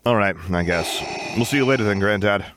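A man's voice: on the low side, fairly quick, background noise, close to an everyday voice. A man voicing a bold, flippant eighteen-year-old girl, blunt and cheeky.

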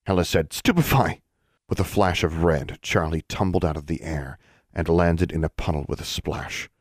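A man narrating a fantasy audiobook in a steady storytelling manner. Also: low voice, moderate pace, no echo, clean studio sound.

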